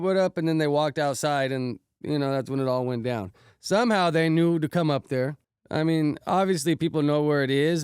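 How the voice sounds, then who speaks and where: A man with a slightly high, smooth voice recounts a wild night in loose, slang-heavy, profane chatter. His voice is recorded close and dry. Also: a little mellow, no room sound. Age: adult, married with kids. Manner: slangy, profane, repeats "bro" often. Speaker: podcast host recounting an incident. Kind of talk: casual storytelling.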